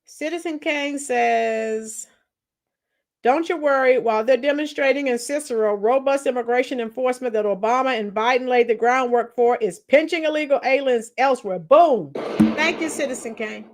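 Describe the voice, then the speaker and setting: A woman's voice: high-pitched, normal speed. A woman casually hosting a live stream, greeting viewers by nickname and reading out their comments. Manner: chatty, greets and reads out viewer comments, laughs often.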